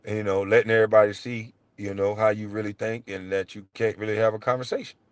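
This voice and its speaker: A middle-aged man hosting his show, ranting in a blunt, profane way and swinging between low mutters and loud outbursts. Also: level tone, fast talker, smooth, no room sound. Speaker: show host. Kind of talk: heated livestream rant.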